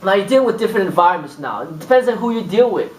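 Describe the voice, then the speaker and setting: A kung fu instructor with a fairly high, sing-song voice gives a loose, rambling lesson at a rapid-fire pace, acting out little exchanges as he goes. He sits well back from the mic in a room that echoes heavily.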